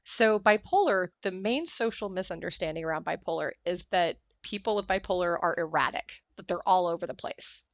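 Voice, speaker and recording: Speaking fairly quickly with few pauses, this podcast guest uses a lowish voice to recount candid anecdotes, imitating others and laughing along. There's no echo, and the high frequencies are cut off.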